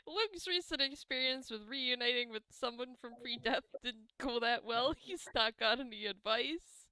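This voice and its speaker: Bright, clear-voiced woman player. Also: fairly high pitch, normal speed. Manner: hesitant, thoughtful. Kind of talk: tabletop role-play.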